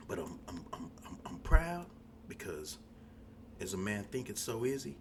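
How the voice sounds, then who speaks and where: A man hosting his own show, giving an impassioned monologue that swings from hushed, near-whispered lines to loud shouting, and who keeps saying "man". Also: on the low side, sing-song, unhurried, background noise. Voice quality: preachy, repeats "man". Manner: starts hushed and intimate, builds to shouting. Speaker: podcast host.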